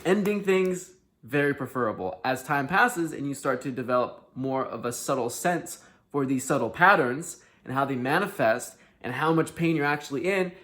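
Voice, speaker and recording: A man hosting a self-help video, talking candidly to the camera, swinging between hushed sincerity and loud, emphatic outbursts and swearing freely. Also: on the high side.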